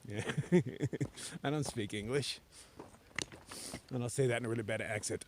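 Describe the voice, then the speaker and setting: A man's voice: mid-range voice, a little slow, long pauses, a little mellow, slight background noise. A man vlogging to himself outdoors on a mountain trail, laid-back and joking, swearing freely as he talks. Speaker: thru-hiker vlogger. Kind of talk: casual vlog monologue.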